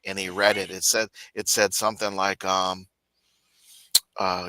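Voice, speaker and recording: A man's voice: low voice, a little slow, no room sound. A man in casual chat on a live stream, telling stories and mimicking others. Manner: animated storytelling, mimics others in raised voice.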